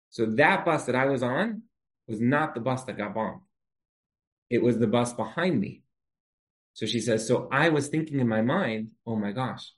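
Guy giving a moral talk, earnest, storytelling, mid-pitched voice, gets fired up with questions. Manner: earnest, animated storytelling with repeated rhetorical questions.

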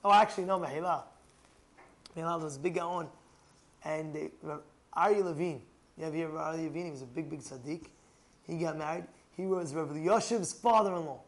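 Animated high-voiced man teaching. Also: a little fast. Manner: animated, asks the listener rhetorical questions, raises voice to a shout for emphasis. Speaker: rabbi. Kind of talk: storytelling talk on marriage.

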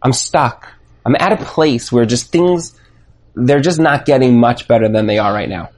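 A man's voice: mid-range voice, breathy edge. A man giving a Torah lesson on the weekly portion, telling the story animatedly and thinking aloud with restarts. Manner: animated storytelling, acts out dialogue. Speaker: Torah teacher.

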